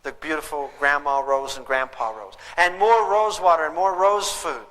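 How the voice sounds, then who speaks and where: A man's voice: on the high side, normal speed, fairly bright tone. An older man giving a live parenting lecture, telling stories emphatically and putting questions to his audience. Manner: asks the audience rhetorical questions; storytelling, emphatic. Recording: long hall reverb.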